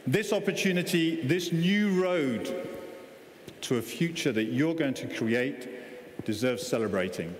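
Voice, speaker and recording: A man hosting a graduation ceremony, speaking to the audience in a rousing, deliberate way. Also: medium pitch, animated, faint music behind. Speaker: master of ceremonies. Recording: echoey hall with long reverb, faint crowd and noise.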